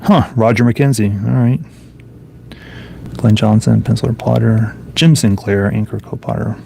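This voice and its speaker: Gravelly, low-voiced man musing casually. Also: fairly even intonation, normal speed, dark tone, a little hiss or hum. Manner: musing, offhand, thinking aloud while flipping pages. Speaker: comic book reviewer. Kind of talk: casual solo commentary.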